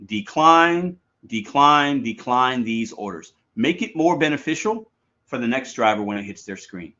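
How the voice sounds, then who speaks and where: A man's voice: mid-range voice, big pitch swings, a little slow, bright, forceful tone. A man speaking earnestly as a gig driver commentator, urging listeners in a clip played on a stream. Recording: dull lo-fi replayed clip.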